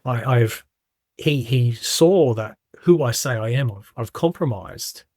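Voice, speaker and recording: A man's voice: mid-range voice, lively intonation, unhurried, darkish tone, dry recording, studio quality. A middle-aged man candidly recounting his story in a casual interview, acting out quoted voices as he goes. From Australia. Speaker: guest.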